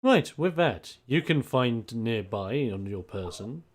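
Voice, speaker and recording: Game master, tabletop game, animated, laughs often, lively pitch. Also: takes it slowly.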